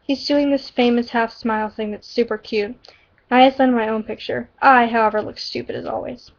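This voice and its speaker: A woman's voice: on the high side, fairly even intonation, moderate pace, creaky. A woman reading her own story aloud on a lo-fi recording, often giggling and stumbling over words. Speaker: amateur storyteller. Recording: dull lo-fi recording.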